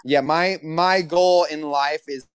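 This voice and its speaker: A man's voice: on the high side, takes it slowly. A man hosting a podcast, ranting and joking in casual, profane banter. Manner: animated, profane, joking rants. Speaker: podcast host.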